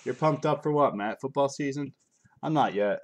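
Speaking at a moderate pace in a mid-range voice, a middle-aged man hosts a live card break. He reads out the cards while chatting and joking offhandedly with viewers in a casual stream.

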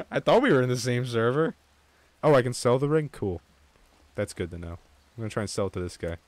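A young man streaming an online game with viewers, chatting casually, swearing freely and getting excited. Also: medium pitch, brisk, no echo. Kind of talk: casual gaming chat.

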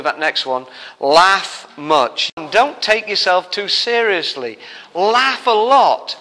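A man delivers a sermon with humour and quick asides. His voice sits high and sounds bright and forceful. The long reverb of a hall hangs around every word. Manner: jokey, animated preaching with asides. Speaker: preacher.

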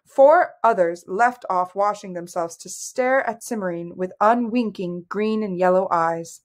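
A woman reading a fantasy novel aloud with steady storytelling narration. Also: mid-range voice, a little slow. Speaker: audiobook reader. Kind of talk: scripted narration.

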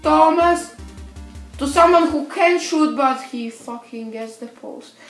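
A woman giving let's-play commentary on a football video game, swearing a lot and swinging from low mutters to excited shouting. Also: slow. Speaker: gamer. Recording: roomy echo. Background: faint background music.

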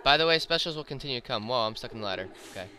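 A man's voice: medium pitch, lively intonation, rapid-fire, a loud crowd. A man giving casual let's-play commentary, chatting through his own moves and getting easily alarmed. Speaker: gameplay commentator. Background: game music and gunfire.

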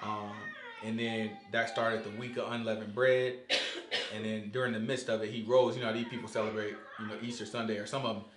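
A man teaching a casual Bible study in an animated way, quizzing his listeners and acting out dialogue. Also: fairly low pitch, brisk, noisy background. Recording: echoey room.

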